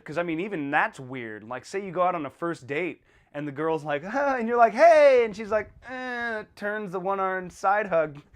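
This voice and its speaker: A man hosting a podcast in a casual monologue, animated and blunt, acting out little exchanges as he talks. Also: a little high. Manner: animated, acts out little dialogues in a raised voice; blunt and irreverent. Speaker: podcast host.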